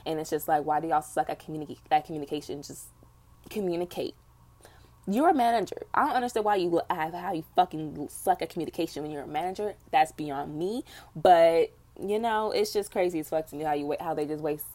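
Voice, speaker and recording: Young woman podcast host, slightly low voice, blunt and profane, casual venting. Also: brisk, dark tone. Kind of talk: casual solo podcast chat.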